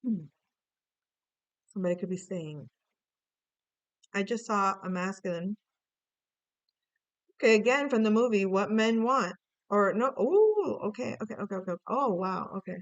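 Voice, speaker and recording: A woman's voice: medium pitch, animated, moderate pace, pauses often, no room sound, dull audio. A woman giving a casual tarot reading, playful and musing aloud with chatty asides. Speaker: tarot reader.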